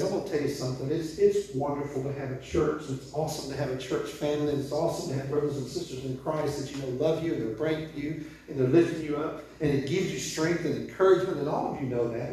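A man in his sixties preaching an informal sermon in a conversational, animated way, chuckling often. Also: on the high side. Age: 60s. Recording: echoey room from far off.

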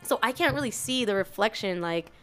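A woman's voice: on the high side, lively intonation, a little fast, fairly bright tone, faint music behind. A young woman telling a long story in casual chat, rambling with lots of fillers and acting out quotes. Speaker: storyteller guest.

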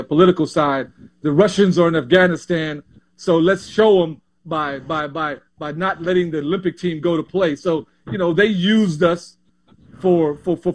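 The guest is a man in his sixties from Panama who once played pro basketball. Relaxed and animated, he tells his stories in a fairly high voice, frequently repeating and restarting words as memories spill over.

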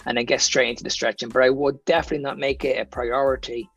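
A man's voice: medium pitch, little pitch movement, fast talker, fairly bright tone, slightly rough, no room sound, lo-fi sound, faint music behind. A man with an Irish accent, a fitness coach talking as a podcast guest, explaining training advice plainly from his own experience. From Ireland. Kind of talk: casual podcast chat.

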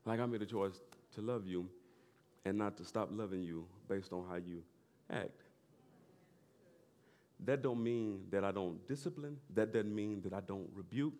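A middle-aged male pastor preaching a sermon in a loose conversational way, with laughing asides and loud bursts of emphasis. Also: fairly low pitch, unhurried, pauses often.

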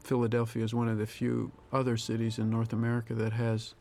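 A man, a film director, giving a reflective audio commentary, thinking aloud with pauses and restarts. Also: medium pitch, monotone, a little mellow.

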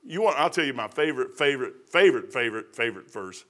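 A man's voice: mid-range voice, lively intonation, quick pace, a bit bright. A middle-aged man preaching a sermon in a folksy, repetitive way that rises to fervent emphasis.

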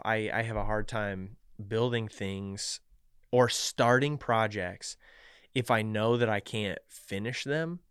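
A low-pitched man co-hosting a podcast, thoughtful and halting with many fillers. He keeps clearing a frog in his throat, and his voice sounds dry and close. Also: dry recording. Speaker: podcast co-host. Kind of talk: casual chat. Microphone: studio mic.

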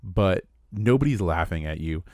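Deep-voiced man, earnest podcast chat. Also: lively intonation, normal speed, dark tone, no room sound, clean studio sound. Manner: earnest and reflective, with restarts. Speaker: podcast co-host and player. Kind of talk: casual chat.

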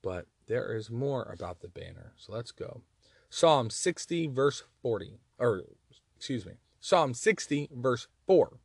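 A man with a Southern accent giving an earnest, animated Bible teaching, reading verses and often repeating words as he stresses a point. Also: mid-range voice, measured pace, creaky, husky, dry recording, clean studio sound.

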